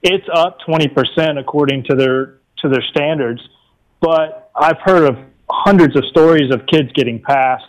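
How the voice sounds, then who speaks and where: A man's voice: a little high, moderate pace, low-quality recording. A man calling in to a talk radio show, rambling and frustrated. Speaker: caller.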